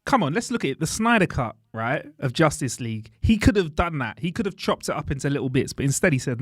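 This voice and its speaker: A man co-hosting a casual podcast chat, lively and chatty, dropping British slang like mate and bruv. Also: fairly high pitch, fast talker, few pauses, breathy edge, no echo, studio quality. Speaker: podcast co-host. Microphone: studio podcast mic.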